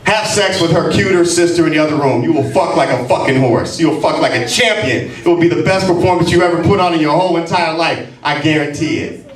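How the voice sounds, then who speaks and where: A brash man in his forties does a profane, mocking stand-up set, and his voice sits fairly high for a man. He is picked up from a distance in an echoey club. Every line is crude. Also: a little fast, a little hiss or hum. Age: 40s. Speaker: stand-up comedian. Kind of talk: stand-up routine. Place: comedy club stage.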